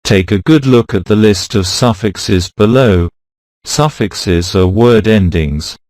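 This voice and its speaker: A man reading a pronunciation lesson in a slow, even way, going through rules and word lists. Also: fairly low pitch, no room sound, clean studio sound. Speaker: pronunciation teacher. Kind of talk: scripted lesson narration.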